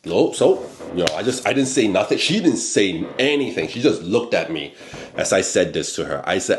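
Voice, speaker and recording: A man hosting a talk show, telling a personal work story in a blunt, animated way, often tagging "okay?" onto his points. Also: low-pitched, moderate pace, reverberant, a little hiss or hum. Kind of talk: casual storytelling monologue.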